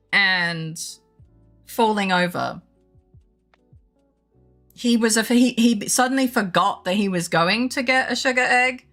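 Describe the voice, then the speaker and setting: Bright-voiced woman streamer telling a story. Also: a little high. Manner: rambling animated storytelling, laughing. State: unwell with brain fog. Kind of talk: casual chat with live chat.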